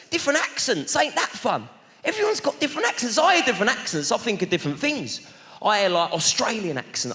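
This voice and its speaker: A man with a London accent doing stand-up crowd work with cheeky slang banter on a theatre stage. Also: sits high. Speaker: stand-up comedian. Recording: live theatre, loud crowd, reverb. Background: audience laughter and applause.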